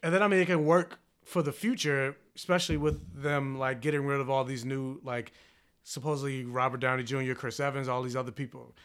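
A man's voice: mid-range voice, fairly even intonation, brisk, a bit bright, clean tone. A man chatting casually, rambling and restarting his sentences often. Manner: rambling, restarts, lots of fillers. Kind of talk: casual chat.

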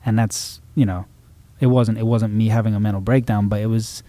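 A man's voice: lowish voice, steady tone, a little fast, mellow, no echo. A man, a musician guest, talking reflectively in a casual interview, rambling with frequent restarts.

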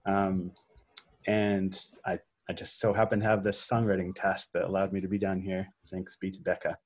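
A man, a songwriter, reflecting in an interview in a halting, soft-spoken way from his home garage. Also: low-pitched, little pitch movement. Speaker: songwriter guest.

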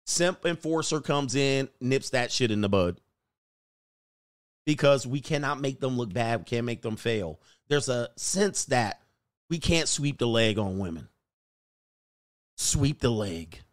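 A man hosting a casual commentary rant, telling stories in an animated way and acting out the voices of the people in them. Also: mid-range voice, measured pace, pauses often. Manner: animated storytelling, acts out voices, laughs often. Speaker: host.

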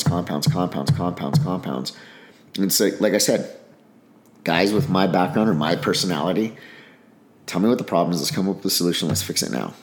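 Blunt deep-voiced man in echoey room. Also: darkish tone. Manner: blunt, frank, swears, tells stories with acted-out dialogue. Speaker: podcast guest, army special operations veteran. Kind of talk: casual interview talk.

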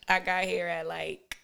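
A woman from Los Angeles chats as a guest, rambling and quick to laugh. Her voice is bright and edgy, with a lot of vocal fry at the ends of her phrases. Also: on the low side. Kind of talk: casual chat.

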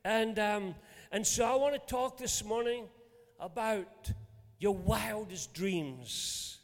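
A man's voice: high-pitched, takes it slowly. Older man preaching in an echoing hall. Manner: storytelling, animated and emphatic. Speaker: pastor. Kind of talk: sermon. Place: church hall. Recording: long reverb of a large hall.

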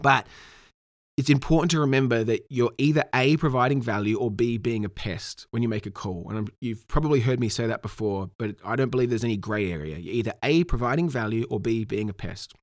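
A man teaching real estate sales calls in an emphatic, energetic coaching tone. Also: mid-range voice, brisk, dry recording, studio quality. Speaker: sales trainer. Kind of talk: instructional talk.

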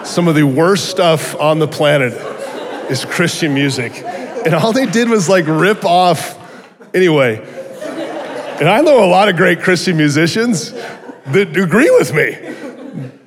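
A middle-aged man giving a personal testimony sermon, telling his story with animated energy and joking asides. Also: a little high, unhurried, long pauses, a crowd in the background. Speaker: guest speaker. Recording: long hall reverb.

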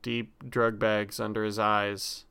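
A man's voice: lowish voice, flat delivery, slow pace, gravelly, sharp tone, smooth. A young man co-hosting a casual chat, delivering blunt, ranting comic bits. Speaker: podcast co-host.

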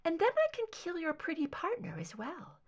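A cold, lethal female bodyguard , as a woman reader puts her on, pitched high above the narration. She murmurs her threats softly, close to a whisper, in an audiobook of fan fiction. Her delivery swoops and lifts. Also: huge pitch swings, normal speed, heavily acted. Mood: menacing. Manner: soft threatening near-whisper.

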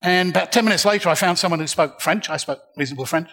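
A man's voice: fairly high pitch, fast talker, bright, forceful tone. An older man telling a comic, self-mocking story live on a festival stage. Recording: reverberant hall.

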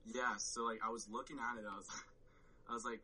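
A man's voice: medium pitch, level tone, brisk, bright, forceful tone, slight background noise, rough recording. A man telling a story on a podcast, rambling with lots of "like" and swearing and acting out his own reactions. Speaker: podcast guest. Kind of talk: casual storytelling chat.

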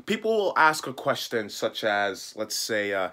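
A man's voice: fairly low pitch, very animated, measured pace, hardly any pauses, sharp tone. A man coaching loan officers on marketing, talking emphatically and pleading with listeners, often acting out sample calls and messages. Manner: emphatic, pleading, repeats points; acts out sample calls and texts. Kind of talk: direct-to-camera teaching talk.

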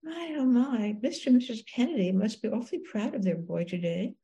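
A woman's voice: a little high, lively intonation, a little fast, dark tone, muffled recording. An older woman doing a patient, folksy senator. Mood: genial.

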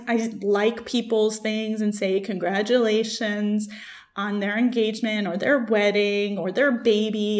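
A young adult woman, a podcast guest, telling a personal story in an emotional, halting way, with restarts and questions to herself. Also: mid-range voice.

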